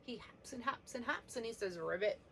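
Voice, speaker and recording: A woman teaching a preschool letter lesson, gently sounding out each letter for young children. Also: a little high, fairly quick, slight background noise.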